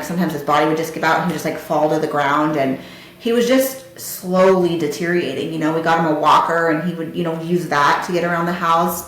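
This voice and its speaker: A woman's voice: deep voice, a little hiss or hum. Candid woman in a very echoey room. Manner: candid and heartfelt, talking straight to listeners. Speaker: podcast host. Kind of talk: personal storytelling.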